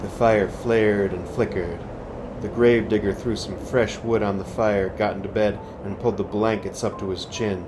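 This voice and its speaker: A man reading a scary story aloud, slow and building suspense. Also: fairly low pitch, fairly even intonation, over music.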